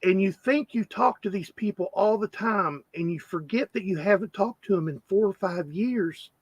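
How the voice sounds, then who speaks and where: A man's voice: high-pitched, normal speed, husky, no room sound, dull audio. A man hosting a casual coin-collecting live stream, rambling and greeting chat viewers by name.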